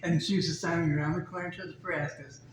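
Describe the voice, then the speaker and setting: An older man recalls his childhood in an easygoing, reminiscing way. His voice sits a little high. The room rings with heavy echo, and a steady background noise runs under him. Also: quick pace. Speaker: group member. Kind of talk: casual storytelling. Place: community center meeting room.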